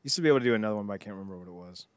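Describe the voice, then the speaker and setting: A man's voice: fairly low pitch, very fast, smooth, dry recording. A man co-hosting a podcast, rambling in casual banter and slipping into silly impressions. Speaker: podcast co-host.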